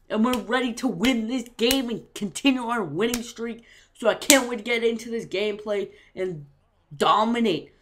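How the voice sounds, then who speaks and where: A fairly high-voiced woman calls her own video game match play by play. She is excitable and hyped, and she jumps to loud shouts when a play goes well. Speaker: gaming channel host.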